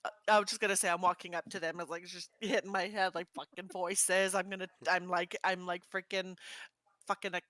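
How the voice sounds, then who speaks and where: A woman playing a tabletop role-playing game, talking in an animated way and laughing often. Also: fairly low pitch, brisk, no echo. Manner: giggly, animated. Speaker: player.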